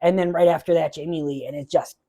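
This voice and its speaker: A man hosting a solo movie podcast, chatting casually and giving blunt opinions with frequent filler pauses. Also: fairly high pitch, steady tone, warm tone. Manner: openly emotional about awards moments.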